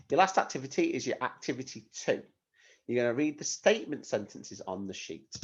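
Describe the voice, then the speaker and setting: A male teacher giving a recorded lesson to young children, explaining patiently and asking them questions. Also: mid-range voice. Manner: patient, clear instructions to children with rhetorical questions. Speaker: primary school teacher. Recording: dull lo-fi recording.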